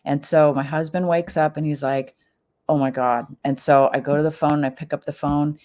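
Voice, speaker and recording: A middle-aged woman with a slightly low voice tells a personal story as a podcast guest. She talks casually, with many fillers, and acts out what people said in her quotes. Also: steady tone, normal speed, darkish tone.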